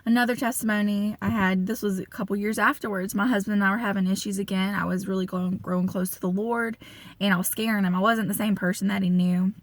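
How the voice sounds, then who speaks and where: A woman in her thirties sharing a personal faith testimony in a casual, chatty way, with many fillers, talking straight to her listeners and leaping up in pitch when she quotes herself. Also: fast, no room sound. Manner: conversational, frequent fillers, addresses listeners as y'all; animated storytelling with pitch jumps when quoting herself.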